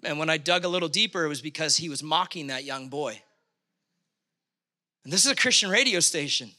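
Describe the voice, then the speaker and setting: A middle-aged male pastor from Canada preaching a sermon, impassioned, with emphatic bursts and halting restarts. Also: sits high, pushed and bright.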